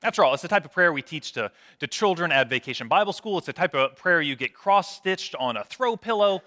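Male pastor, slightly high, bright tone, storytelling sermon with wry humor. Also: animated, fairly quick. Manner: storytelling, self-deprecating humor.

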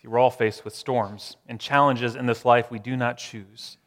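Middle-aged male pastor, sermon delivery, dynamic swings from loud to near-whisper. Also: mid-range voice, fairly even intonation, big-room sound. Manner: dramatic pauses, swings from loud to hushed.

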